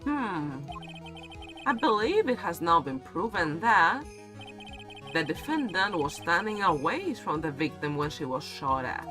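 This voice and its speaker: A woman's voice: lowish voice, sing-song, measured pace, music in the background. A woman voicing a haughty young female prosecutor in a game, scornful and superior.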